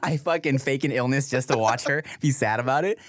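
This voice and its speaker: A man co-hosting a podcast in casual chat, telling animated stories, swearing freely and laughing often. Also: mid-range voice, fairly quick, no echo, studio quality. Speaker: podcast co-host.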